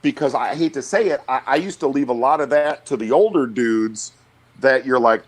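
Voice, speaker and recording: A middle-aged man guesting on a casual podcast speaks at normal speed in a mid-range voice. Blunt and animated, he stammers and restarts frequently as he talks.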